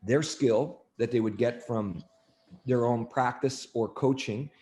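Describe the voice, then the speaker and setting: A man, an athletic coach, talking on a podcast, telling stories in a lively way full of fillers and restarts. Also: medium pitch, takes it slowly, slight background noise. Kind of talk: podcast conversation.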